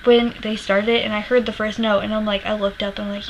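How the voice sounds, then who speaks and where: A woman's voice: medium pitch, fairly even intonation, brisk, few pauses, noisy background. A woman vlogger animatedly retelling a personal story to camera, swearing freely and laughing as she goes, emotional while she remembers it.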